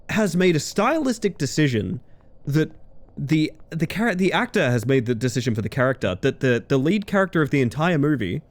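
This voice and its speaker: A man streams a game and chats with his viewers in a rambling, easygoing way. His voice sits a little high for a man and swings up and down a lot, and he laughs easily between thoughts. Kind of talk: casual gaming-stream chat.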